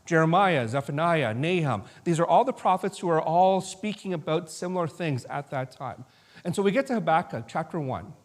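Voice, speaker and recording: A man's voice: a little high, expressive, moderate pace. A man leading a Bible study as pastor, talking through the passage in a loose, casual way with restarts and asides. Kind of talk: informal sermon. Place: church sanctuary.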